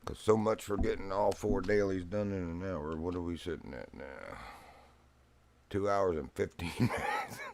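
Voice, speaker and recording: A man's voice: low voice, normal speed, gravelly, darkish tone, slight background noise. A man from Virginia streaming a fishing game, telling rambling stories with frequent chuckles. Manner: rambling storyteller, chuckles often. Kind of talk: casual gaming stream chat.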